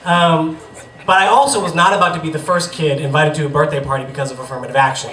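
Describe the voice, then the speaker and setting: A man's voice: fairly high pitch, brisk. A man in his thirties from the Boston area telling a humorous personal story on stage, wry and self-deprecating. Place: bar stage with a live audience. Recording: echoey room, far from mic, noisy.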